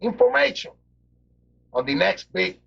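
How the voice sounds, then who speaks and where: A man's voice: sits high, big pitch swings, unhurried, creaky, fairly bright tone, husky. A man doing wrestling color commentary, theatrical and grandiose in broken English. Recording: dull lo-fi TV broadcast audio.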